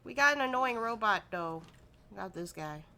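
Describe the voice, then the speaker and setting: Chatty, bright-voiced woman gaming. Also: medium pitch, lively intonation, moderate pace, slight background noise. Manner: playful, chatty, talks to the game. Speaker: streamer. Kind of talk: casual gameplay commentary.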